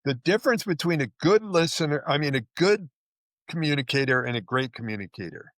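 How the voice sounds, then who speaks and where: A man's voice: a little high, expressive, fairly quick, a bit bright, no echo. A man working as a relationship coach, explaining ideas earnestly in a podcast interview and acting out the little dialogues he describes.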